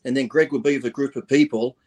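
A man on a podcast, blunt and outspoken, cursing freely. His voice sits at an everyday middle pitch and he talks like he has nothing to hide. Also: steady tone, fast talker, a little mellow. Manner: blunt and profane, speaks his mind. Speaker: podcast guest. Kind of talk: casual podcast chat.

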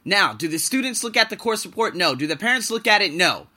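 A man's voice: high voice, sing-song, a little fast, pushed and bright. A man hosting a casual podcast monologue, ranting bluntly about his job and swearing freely. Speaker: podcast host and English teacher. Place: living and working abroad.

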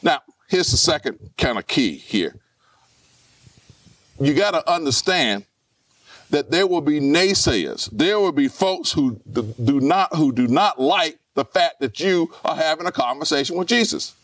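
Male pastor, high voice, repeats himself for emphasis, mic a little far off. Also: expressive, a little slow, fairly bright tone. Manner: repetitive, rhetorical questions to the congregation. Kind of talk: live sermon. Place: church.

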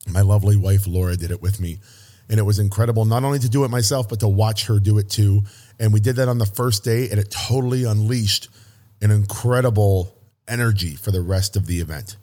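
A man hosting a podcast, talking in an energetic, motivational way with punchy repetition and a hoarse, strained voice. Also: medium pitch. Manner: pumped-up, emphatic, punchy repetition. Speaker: podcast host.

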